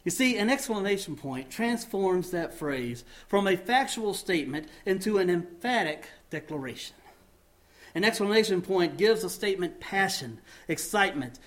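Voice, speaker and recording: A male pastor preaching with a slightly higher voice than most men. He fires questions at his congregation, swells on key words and lets each phrase end sink quietly. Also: lively intonation, moderate pace. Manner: rising emphasis then dropping low at phrase ends; asks the congregation many questions. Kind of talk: sermon and closing prayer.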